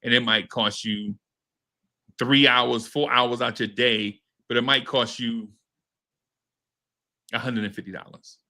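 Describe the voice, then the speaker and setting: Speaking a little slowly with long pauses, this medium-pitched podcast host recounts a story in easygoing, slangy conversation. He's animated, profane, and performs people's words.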